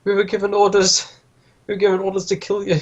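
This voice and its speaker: A man's voice: high voice, completely flat delivery, quick pace, dull audio, voice pushed up. A man voicing a terrified male thug who stammers and begs for his life. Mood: panicked. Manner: panicked, pleading, stammering.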